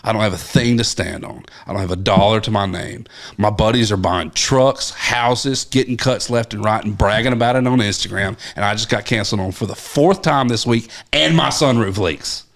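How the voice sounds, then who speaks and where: A man's voice: fairly low pitch, normal speed, fairly bright tone. A man with a Tennessee accent, a songwriter guest telling earnest, rambling stories on a podcast. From West Tennessee. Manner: earnest, rambling storyteller with restarts. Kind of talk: casual storytelling chat.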